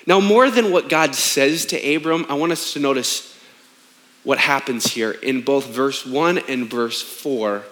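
A man's voice: medium pitch, a little slow, a bit bright. A man in his thirties, a pastor preaching a sermon in an emphatic, conversational way with rhetorical questions.

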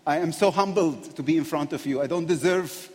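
A man's voice: on the high side, fairly quick, a little mellow. A man preaching as a guest speaker, passionate and emotional, often breaking into laughter between phrases. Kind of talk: sermon. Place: church sanctuary. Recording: long reverb of a large hall.

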